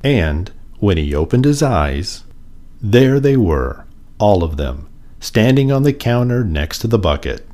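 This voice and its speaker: A man reading a children's picture book aloud in an expressive, sing-song way. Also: lowish voice, a little slow. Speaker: storyteller.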